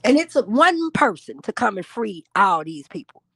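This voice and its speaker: Gravelly, husky woman ranting on a livestream. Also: medium pitch, sing-song, normal speed, fairly bright tone, no room sound. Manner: blunt and profane, preachy. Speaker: livestream host. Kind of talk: heated livestream rant.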